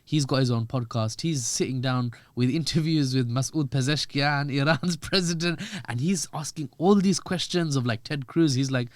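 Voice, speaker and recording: Animated man, dry close sound. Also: mid-range voice, normal speed, hardly any pauses, no echo. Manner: animated, joking, acts out quoted voices. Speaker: podcast guest. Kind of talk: conversational political commentary.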